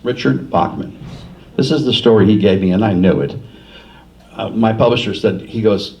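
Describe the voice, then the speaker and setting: A man's voice: fairly low pitch, moderate pace, a little mellow. An older man from New Jersey, an author at a library forum, telling rambling, self-deprecating stories in casual talk. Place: library meeting room. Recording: distant, muffled room recording with faint hiss.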